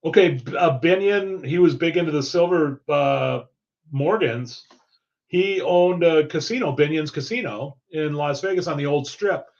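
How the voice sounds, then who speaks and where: A male guest on a coin collecting livestream, chatting in an animated way. His voice is a little high for a man. The audio is dull and lo-fi. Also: measured pace. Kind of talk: casual chat.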